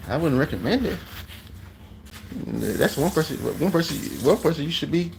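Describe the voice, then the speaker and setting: A man's voice: on the high side, expressive, normal speed, very noisy. A man vlogging as he cooks, chatting casually to his viewers and rambling, repeating phrases, talking slangy. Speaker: cooking vlogger.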